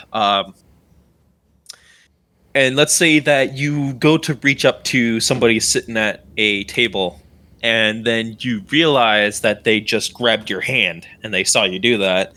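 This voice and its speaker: Guy running a tabletop game, bright forceful voice, super casual, lots of um and like. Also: medium pitch. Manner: casual, rambling, full of fillers. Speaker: dungeon master.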